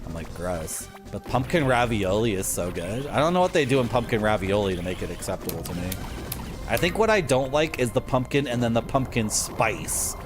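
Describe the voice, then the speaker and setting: A man's voice: medium pitch, lively intonation, fairly quick. A young man, chatting in a self-mocking way to his viewers while playing a game at home. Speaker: streamer. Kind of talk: casual gameplay commentary. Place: home streaming room with a game shelf. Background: retro game music.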